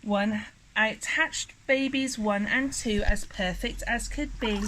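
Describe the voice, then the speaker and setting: A young woman, a swimming teacher, reading a rhyming picture book aloud at a pool in a lively, rhythmic way. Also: on the high side, takes it slowly, a little hiss or hum, rough recording. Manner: lively, rhythmic, sing-song storytelling.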